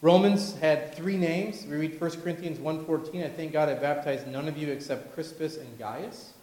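A man preaching a sermon with animated delivery, acting out the voices of people he quotes. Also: a little high, moderate pace. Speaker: pastor. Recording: echoey hall with long reverb.

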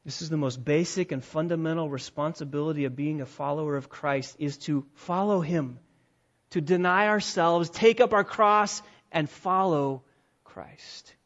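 A man preaching with a slightly higher voice, pressing his points with quick rhetorical questions. He drops to a near hush, then climbs into loud, driving passages. The recording sounds dull and lo-fi. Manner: emphatic, swings between hushed and loud, rhetorical questions. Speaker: pastor. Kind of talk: sermon.

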